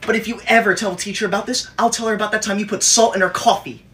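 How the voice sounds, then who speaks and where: A man puts on a heavily acted, high voice that's pushed and bright with a breathy edge and fairly even intonation. For a comedy sketch, he plays a preachy, whiny teacher's pet who lectures others and quickly threatens to tell the teacher.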